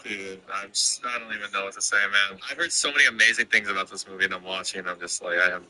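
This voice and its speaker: A man's voice: on the low side, fast talker, sharp tone, rough recording. A man chatting casually while watching a movie, cracking crude, sarcastic jokes. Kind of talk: casual movie reaction chat.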